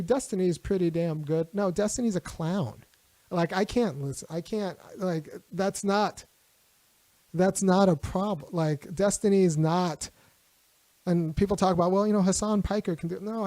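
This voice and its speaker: A man's voice: high-pitched, darkish tone, dry recording. A man hosting a political livestream, talking loosely with restarts and short laughs. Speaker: host.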